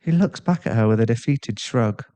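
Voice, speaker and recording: Man narrating a story, mellow dark voice, calm and steady. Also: medium pitch, normal speed.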